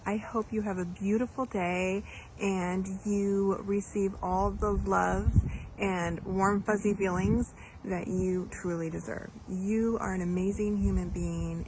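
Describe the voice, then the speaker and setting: A woman's voice: mid-range voice, darkish tone, slight background noise, rough recording. A woman gushing affectionate birthday wishes to a dear friend. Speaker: friend giving a birthday message. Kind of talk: warm birthday message.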